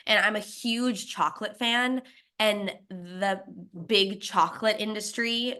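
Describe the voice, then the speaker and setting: Speaking slowly at a medium pitch, a young woman guest recounts founding her snack brand. Her manner is chatty and laugh-filled, with lively asides quoting other people.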